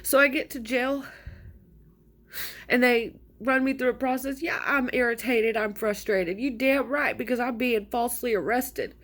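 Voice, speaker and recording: A woman's voice: on the high side, moderate pace, a bit bright. A woman telling her own story in an indignant, frustrated, emphatic way, as a mother. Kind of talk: personal account to camera.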